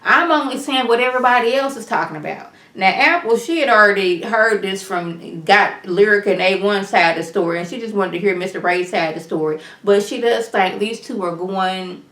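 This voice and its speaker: A woman giving a casual recap of a reality TV episode, chatty and quick, acting out the dialogue as she retells each scene. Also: medium pitch, fairly bright tone. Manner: talks fast at times. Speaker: reality TV reviewer. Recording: roomy echo.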